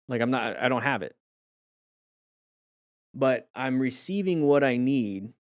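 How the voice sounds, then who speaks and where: A man who coaches motorcycle riding, his voice going hoarse, talks in a reflective, rambling way with viewers on a live stream, often restarting his sentences. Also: mid-range voice, a little mellow, no echo, studio quality.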